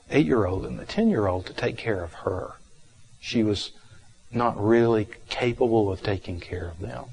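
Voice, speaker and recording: Gentle low-voiced man teaching meditation. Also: breathy edge. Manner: gentle, unhurried, with frequent fillers and pauses. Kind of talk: reflective dharma talk with case story.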